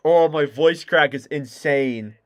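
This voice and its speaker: A man calling live hockey play-by-play on his stream, quick and excitable. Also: on the high side. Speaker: livestream commentator.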